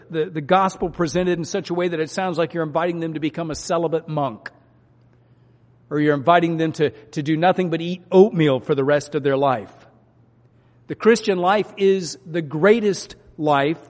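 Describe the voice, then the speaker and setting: Preaching man in a reverberant hall. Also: on the high side. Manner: preaching with swings from loud urging to quiet. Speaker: pastor. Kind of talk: sermon.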